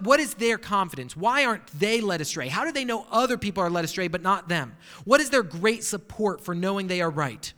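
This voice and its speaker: A man's voice: high-pitched, bright, forceful tone, long reverb tail. A male pastor preaching a sermon, emphatic and full of rhetorical questions.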